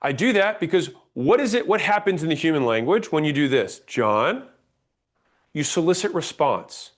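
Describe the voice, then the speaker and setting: A man teaching a sales class, blunt and emphatic, demonstrating pauses and rising inflection as he explains. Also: on the high side, lively intonation. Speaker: sales trainer. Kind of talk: instructional talk on sales tonality.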